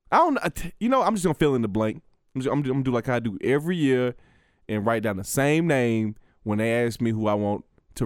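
A man's voice: a little high, no echo, clean studio sound. A young adult man, a stand-up comedian, talking casually to camera in a rambling, profane way full of stammered restarts.

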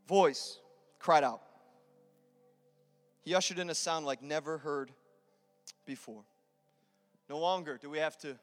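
A male pastor preaching an impassioned sermon to a congregation in church, building to loud, emphatic repetitions. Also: fairly high pitch. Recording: long hall reverb with music behind.

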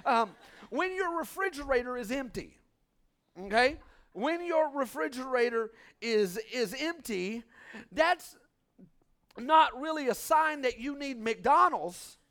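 High-voiced pastor preaching with punchy humor. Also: male voice, expressive, takes it slowly. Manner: humorous, call-and-response urging "come on somebody"; swings between loud emphatic bursts and quiet asides. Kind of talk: sermon. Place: church before a congregation.

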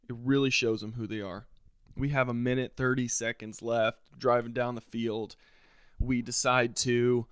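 A man's voice: smooth, no echo, studio quality. Frustrated man ranting sarcastically. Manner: frustrated, sarcastic ranting with sudden jumps up in pitch and volume. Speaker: podcast host. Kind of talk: solo sports rant.

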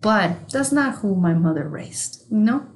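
A woman co-hosting a podcast in casual chat, talking candidly and with plenty of swearing, growing animated when something amuses her. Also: mid-range voice, unhurried. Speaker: podcast co-host.

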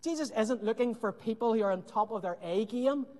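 A man preaching a sermon with earnest emphasis and dramatic pauses, often dropping to a hushed voice. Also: high-pitched. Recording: long hall reverb.

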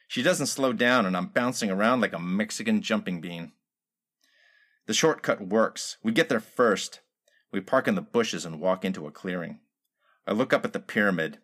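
A man reading a comic detective story aloud in a wry, deadpan hard-boiled manner. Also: fairly low pitch.

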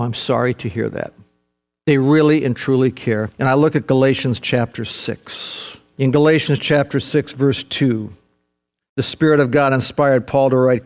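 A man's voice: mid-range voice, a little mellow. An older man preaching a sermon, earnest and emphatic, repeating key phrases and calling his listeners folks. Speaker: pastor.

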